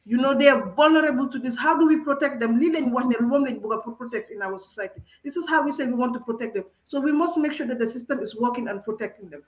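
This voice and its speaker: A woman arguing passionately in a discussion, emphatic and forceful, slipping into Wolof phrases. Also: high-pitched, fast, hardly any pauses, reverberant, low-quality recording. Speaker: discussion panelist.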